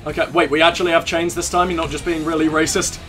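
High-voiced young man joking over gameplay. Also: flat delivery, fast, over loud music. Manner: joking, crude banter with laughs. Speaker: let's play host. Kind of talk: casual gameplay commentary.

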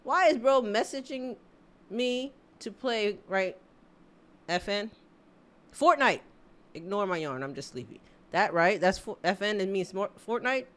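A woman streamer reacting to memes live in a casual, animated way, exclaiming, swearing often and laughing. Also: medium pitch, a little slow, long pauses.

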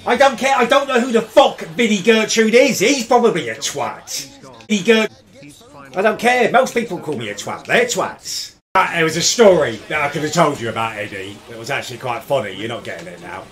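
A man, livestreaming and yelling angry, swearing commentary at his game and his chat. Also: fairly high pitch, very animated, fairly quick, faint music behind. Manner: shouting, swearing, exasperated outbursts. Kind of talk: raging live gameplay commentary.

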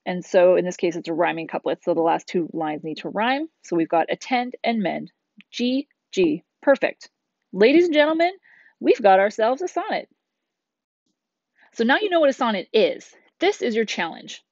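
A woman's voice: on the low side, lively intonation, normal speed, gravelly, darkish tone, no room sound, muffled recording. A middle-aged woman teacher explaining a lesson in a chatty way, with casual asides. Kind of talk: recorded classroom lesson. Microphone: tablet screencast voice-over.

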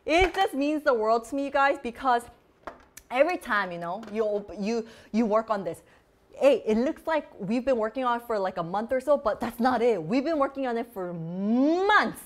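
Her voice sits fairly high and moves at a normal speed. She's a beauty vlog host chatting in a casual, bubbly manner during a live product demo, peppering her speech with "like."

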